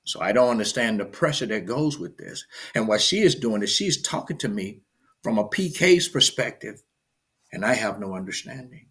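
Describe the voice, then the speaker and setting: A middle-aged man, a pastor giving a casual morning sermon on a livestream, greeting viewers by name and swinging from loud shout-outs to hushed storytelling. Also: on the low side, lively intonation, normal speed, slightly rough.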